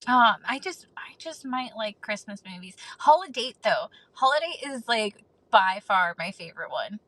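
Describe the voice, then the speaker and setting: A woman's voice: a little high, lively intonation, moderate pace, sharp tone, no room sound, poor audio. A woman co-hosting a podcast in casual chat, agreeing readily and giggling. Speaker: podcast co-host.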